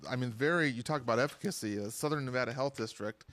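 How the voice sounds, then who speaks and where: A man's voice: medium pitch, fast. A man co-hosting a casual podcast, telling stories and reading out a list, with easy laughter. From living in Las Vegas. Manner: storytelling, animated, laughs easily. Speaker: podcast co-host. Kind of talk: casual chat.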